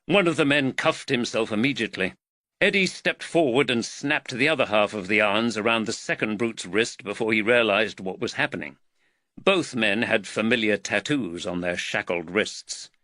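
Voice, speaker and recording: A man narrating an audiobook in an expressive, measured storytelling manner. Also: fairly low pitch, no room sound. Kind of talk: scripted narration.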